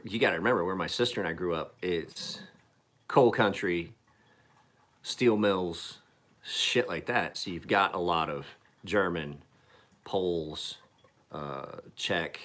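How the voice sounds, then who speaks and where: A man in his forties from Appalachian Pennsylvania rambles through a casual live-stream chat. His voice sits a little low, and he swears freely. He keeps cracking jokes as he talks. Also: slow pace, long pauses, a bit bright. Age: 40s. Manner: rambling, profane and joking. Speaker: knife-sharpening streamer.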